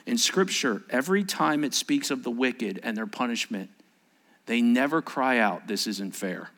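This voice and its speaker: A male pastor preaching a solemn sermon, reading quotations aloud and building to forceful emphasis. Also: mid-range voice, normal speed.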